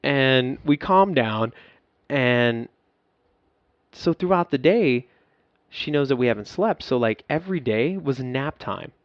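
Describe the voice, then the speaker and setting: Profane former soldier telling a story. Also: male voice, medium pitch, animated, slow, no room sound, muffled recording. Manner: profane, emotional, laughs at himself. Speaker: podcast guest. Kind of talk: candid storytelling.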